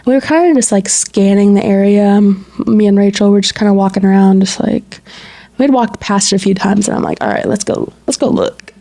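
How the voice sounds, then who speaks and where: A woman's voice: mid-range voice, brisk. A woman co-hosting a podcast, casually telling a story and acting out quoted dialogue, full of "like" fillers. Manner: animated retelling with quoted dialogue and frequent "like". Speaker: podcast co-host.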